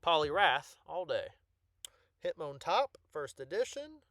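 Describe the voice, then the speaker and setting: A man with a fairly high voice talks casually and excitedly about his collection, stumbling over restarts and filling pauses with ums. The sound is dry and close, with no room around it. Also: no echo. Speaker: card collector YouTuber.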